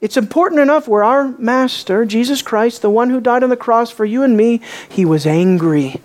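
A woman preaching a sermon, emphatic, swinging from raised questions to quiet, low emphasis. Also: moderate pace. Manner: emphatic, rising and dropping to quiet for effect.

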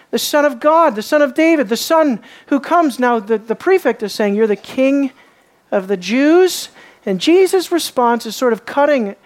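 A woman preacher giving an earnest expository sermon, often asking her listeners rhetorical questions and swinging between raised and hushed emphasis. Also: on the high side.

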